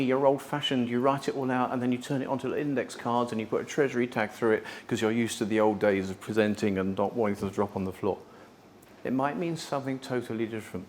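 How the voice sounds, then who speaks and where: A man around sixty coaches presentation skills, swinging from loud bursts to quiet, low asides. His voice sits in a middle register. A faint hiss lies under the recording. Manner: lively, dramatic shifts in tone and loudness. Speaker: public speaking coach. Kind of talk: presentation workshop with storytelling.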